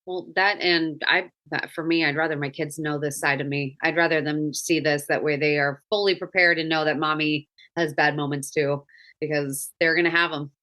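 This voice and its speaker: A woman's voice: sits low, fairly even intonation, normal speed, bright, forceful tone. A woman in her thirties hosting a podcast, a mother talking earnestly and reflectively, often restarting her sentences. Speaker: podcast host. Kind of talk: casual chat.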